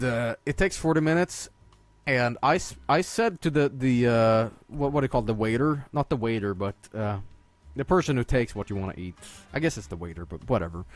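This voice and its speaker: Guy streamer ranting a story, swears a lot, keeps restarting, faint music behind. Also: no echo. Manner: profane, rambling storytelling with many restarts; gets loud and high-pitched when worked up. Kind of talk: rambling comic rant. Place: home streaming setup.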